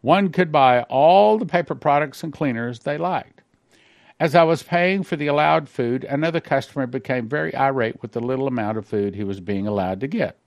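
Man pastor reading slowly, dry sound. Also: medium pitch, creaky, no echo. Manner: reads slowly, then comments in a quick aside. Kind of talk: sermon reading and commenting on a dream.

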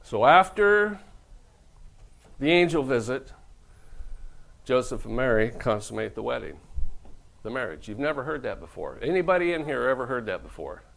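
A man's voice: mid-range voice, expressive, a little fast, creaky, low-quality recording. A middle-aged man preaching a humorous sermon as pastor, telling stories and acting out the people he quotes. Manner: joking, storytelling, acts out quoted voices.

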